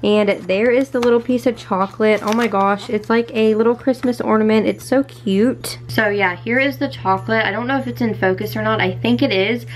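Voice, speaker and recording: A woman's voice: fairly high pitch, brisk, hardly any pauses. A young woman vlogging at home in her bedroom, chatty and gushing, with lots of "like" in her speech. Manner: gushing and excitable, heavy use of "like". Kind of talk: casual vlog chat.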